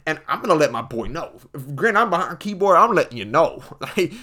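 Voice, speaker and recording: A man's voice: a little high, big pitch swings, a little fast, pushed and bright. A young man hosting a casual comedic monologue, joking and slangy, often calling listeners folks.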